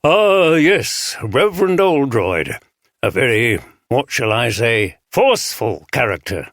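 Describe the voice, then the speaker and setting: A man's voice: medium pitch, very animated, takes it slowly, a bit bright, no echo, clean studio sound, exaggerated voice. A man voicing a portly, plain-spoken middle-aged bishop with a Northern English accent. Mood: fond. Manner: blunt and straight-speaking.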